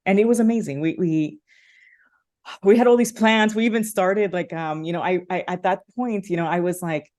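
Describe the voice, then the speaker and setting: Heartfelt woman telling her story. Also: on the low side. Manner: heartfelt, many fillers and restarts. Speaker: podcast guest. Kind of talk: emotional personal storytelling.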